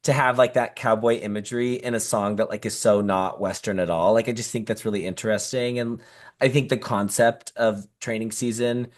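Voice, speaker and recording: A woman's voice: rumbling low, fairly even intonation, brisk. A woman co-hosting a pop music podcast in casual chat, talking enthusiastically with lots of fillers. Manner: chatty, enthusiastic, many fillers. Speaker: podcast co-host.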